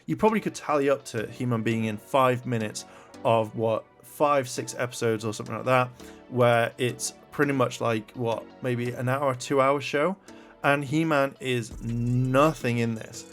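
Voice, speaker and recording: A man's voice: medium pitch, steady tone, a little slow, soft background music. Irritated man ranting, profane. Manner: irritated, profane, reads articles aloud with frequent fillers. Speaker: commentary vlogger. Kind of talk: ranting commentary.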